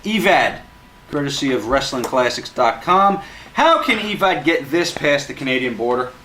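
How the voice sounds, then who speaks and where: A male interviewer reads fan questions aloud and adds dry one-line remarks. His voice has a medium pitch but moves around a lot, with a faint hiss behind it. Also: very animated, normal speed, sharp tone.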